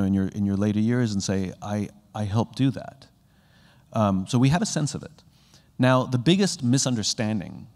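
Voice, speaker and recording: A man giving a motivational keynote talk to a live audience. He is animated and acts out little conversations, jumping up in pitch as he does. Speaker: keynote speaker. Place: conference hall with a live audience. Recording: long hall reverb.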